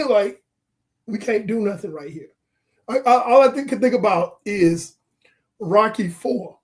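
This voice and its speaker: A man with a high, bright voice chats about football on a podcast. He is animated and playful, and he acts out scenes as he makes his point. His delivery is casual and joking. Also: a little slow. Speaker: podcast co-host. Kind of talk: casual sports chat.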